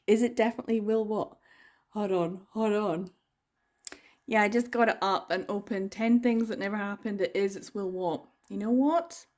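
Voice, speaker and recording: A woman's voice: medium pitch, darkish tone. A woman talking casually as a book vlogger, rambling and enthusiastic, with lots of fillers and laughter. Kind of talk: casual chatty vlog.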